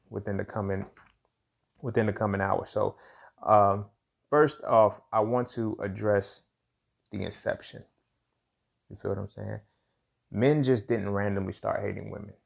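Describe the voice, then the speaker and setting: A man with a low, gravelly voice talks through his ideas on his own show. He speaks in loose, slangy phrases and keeps asking whether the listener follows him. His tone stays flat, and he often circles back over his own words. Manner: casual, slangy, frequent "you feel what I'm saying"; repeats words and restarts while thinking aloud. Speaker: podcast host. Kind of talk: solo commentary monologue.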